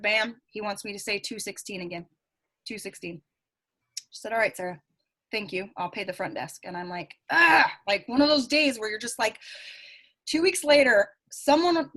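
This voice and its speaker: A woman with a Southern US accent, a psychic medium guest telling animated stories in a casual interview, acting out the voices she quotes. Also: fairly high pitch.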